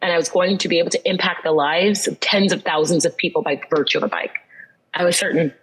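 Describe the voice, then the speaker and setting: A woman in her thirties tells her own story with an earnest, reflective pull, circling back to key phrases to drive them home. Her voice sits a little low for a woman. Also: fairly even intonation, fast, husky, low-quality recording. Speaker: guest. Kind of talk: personal storytelling in an interview.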